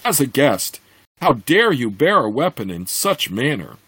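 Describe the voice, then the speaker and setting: Man doing a female weretiger, stern, scornful, husky, lively pitch, storybook. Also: measured pace, no echo, exaggerated voice. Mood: scolding. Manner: scornful, commanding.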